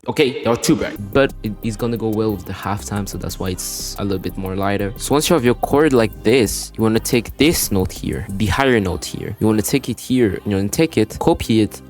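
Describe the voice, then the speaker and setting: A man with a French accent giving a casual, rambling music production tutorial over his screen, full of "you wanna" and "you know". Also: fairly low pitch. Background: beat playback between explanations.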